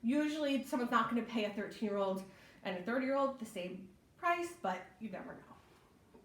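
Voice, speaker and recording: Recorded from a distance in an echoey room, a young library program instructor talks casually through an online babysitting class. Her fairly high voice is animated at a normal pace, sprinkled with ums and her habitual "right?".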